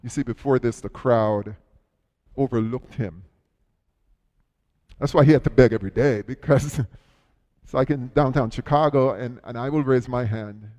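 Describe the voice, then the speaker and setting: A man preaching a sermon in a church, retelling a story with dramatic swings between loud cries and hushed words. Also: medium pitch, moderate pace, pauses often, long reverb tail. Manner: storytelling, dramatic shifts in loudness and pace. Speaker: pastor.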